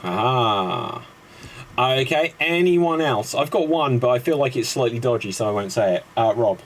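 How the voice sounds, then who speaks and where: A man's voice: medium pitch, animated. A man hosting an improv comedy show, joking, laughing and calling on players. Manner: jokey, quick, laughing between prompts. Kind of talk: casual comedy banter.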